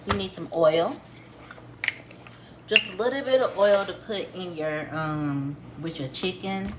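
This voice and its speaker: A woman's voice: fairly low pitch, measured pace, background noise. Chatty woman cooking at home. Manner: chatty, addresses viewers as y'all, homespun instructions. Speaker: cooking vlogger. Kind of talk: casual cooking tutorial. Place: home kitchen.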